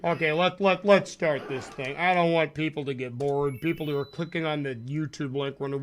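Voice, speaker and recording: A man's voice: fairly high pitch, brisk, hardly any pauses, a little hiss or hum. A man live-streaming a game, chatting casually with viewers in a rambling, self-deprecating, jokey way. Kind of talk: casual live-stream chat while playing.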